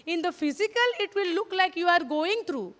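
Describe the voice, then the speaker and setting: In a hall-reverb recording, a woman with a very high, expressive, slightly bright voice delivers a sermon at a moderate pace. She speaks Indian English, earnestly repeating phrases and often questioning her listeners.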